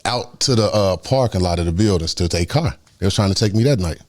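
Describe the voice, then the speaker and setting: A man with a Chicago accent telling his life story in a casual, animated way, acting out what people said. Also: low voice, quick pace. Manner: animated street storytelling, acts out quotes loudly.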